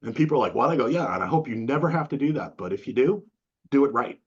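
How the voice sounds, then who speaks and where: A middle-aged man chats as an interview guest, acting out quotes as he tells animated stories. His voice is husky and slightly breathy. The recording sounds dull and lo-fi. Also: medium pitch, fast talker. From New England. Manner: animated storytelling with acted-out quotes, casual slang. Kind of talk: casual interview conversation.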